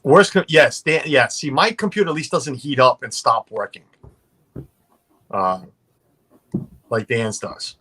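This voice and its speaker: A man's voice: medium pitch, a little slow, long pauses, bright, forceful tone, slightly rough. A man hosting a casual livestream video chat, joking and rambling with friends. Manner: joking, rambling, laughs often. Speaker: livestream host.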